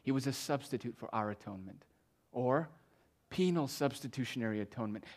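A man preaching a sermon as pastor, swinging from loud emphatic declarations to hushed, quiet tones. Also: mid-range voice, animated, brisk.

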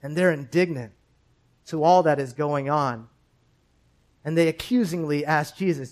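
A man preaching a sermon as pastor, speaking in a measured, rhetorical way with repeated phrases and questions. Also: fairly high pitch, darkish tone, poor audio.

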